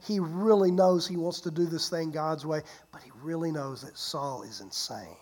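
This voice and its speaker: Pastor, sermon delivery: lively storyteller, loud-to-hushed swings, repeats words for emphasis. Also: medium pitch, moderate pace. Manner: repeats and restarts words while preaching.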